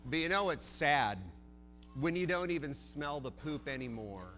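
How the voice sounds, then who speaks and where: Male pastor from Oregon, earnest conversational sermon, bright edge, long hall reverb with faint music. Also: a little high, moderate pace. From Oregon, USA. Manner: earnest, conversational preaching with repeated questions and stammered restarts.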